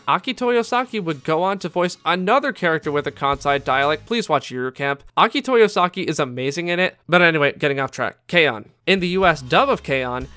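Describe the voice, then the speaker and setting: A man's voice: high voice, pushed and bright. A man giving scripted video-essay narration as an anime commentator, enthusiastic and candid with fan asides.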